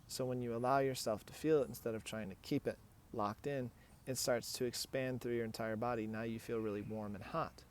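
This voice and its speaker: A man's voice: medium pitch, fairly even intonation, brisk, a little hiss or hum. Earnest man giving coaching advice. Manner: earnest, coaching, acts out example dialogues. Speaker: hypnotist and relationship coach. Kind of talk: direct advice talk.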